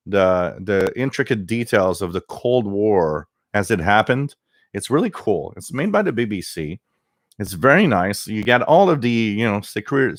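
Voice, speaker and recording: Male live-stream host, low voice, dry close sound, rambling casual chat with restarts and laughs. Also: dry recording. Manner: mimics others with a raised voice. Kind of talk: casual chat reading viewer comments.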